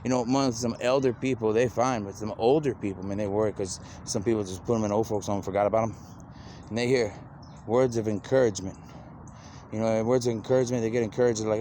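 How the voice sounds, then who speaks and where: A man's voice: lowish voice, steady tone, quick pace, warm tone, slight background noise. A man talking in a loose, rambling monologue, repeating "you know" constantly and drifting from idea to idea.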